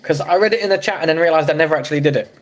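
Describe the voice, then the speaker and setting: A racing, high-side voice belongs to an English man hosting a laid-back livestream. He's chatty and jokey, reading chat comments out loud and reacting to what viewers say.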